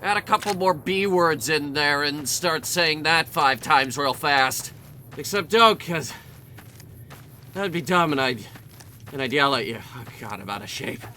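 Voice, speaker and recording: A man's voice: on the high side, a little slow, pushed and bright, a little hiss or hum. A young man giving rambling, sarcastic, jokey commentary while he plays a video game. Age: young adult. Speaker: let's play commentator.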